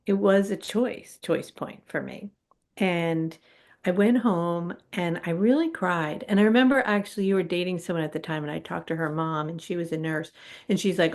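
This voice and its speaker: A woman's voice: lowish voice, moderate pace, a little mellow. A middle-aged woman, a guest on a spiritual talk show, telling her personal story candidly and animatedly, acting out her own past reactions.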